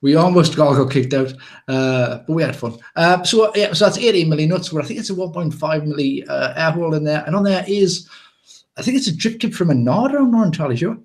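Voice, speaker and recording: English man, show host, jokey, rambling, slightly high voice. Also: expressive, fairly quick. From England. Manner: rambling, jokey, with many restarts. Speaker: podcast host. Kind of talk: casual live show chat.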